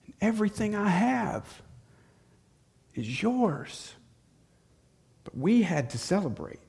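A man's voice: mid-range voice, expressive, slow pace. A man voicing a loving father who is compassionate toward his sons. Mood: gentle. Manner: urgent and eager with servants, soft with his son.

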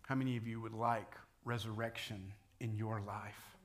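A man's voice: on the low side, steady tone, normal speed. A male pastor preaching a conversational sermon, asking the congregation questions and voicing the scripture he quotes. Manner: conversational preaching, rising to loud dramatic quotes.

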